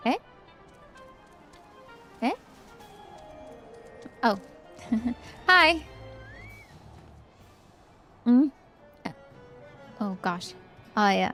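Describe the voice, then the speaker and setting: A woman's voice: mid-range voice, fairly bright tone. A young woman streamer giving casual, chatty commentary while playing a game, with giggly asides.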